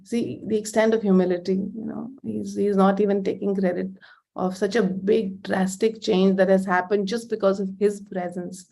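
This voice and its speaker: A woman's voice: mid-range voice, steady tone, moderate pace, creaky, warm tone. A middle-aged woman from India giving a heartfelt personal testimony, hesitant and full of fillers. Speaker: devotee giving a talk.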